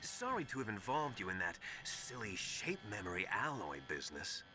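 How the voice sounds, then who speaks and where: A man's voice: on the low side, very animated, normal speed, noisy background. An actor playing a theatrical, mocking male villain in a video game, speaking with a put-on British accent and curling his sentences upward. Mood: scheming. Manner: gloating, upward curl at sentence ends.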